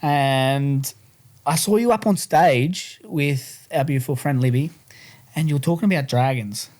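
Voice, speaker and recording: A man's voice: on the high side, measured pace, darkish tone. Rambling man, swears freely. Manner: rambling, swears, many fillers. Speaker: podcast co-host. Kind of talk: casual storytelling chat.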